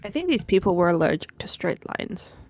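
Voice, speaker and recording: Blunt, low-voiced woman player. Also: sing-song, brisk, a little mellow, dry recording. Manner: blunt, swears casually. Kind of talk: casual tabletop play.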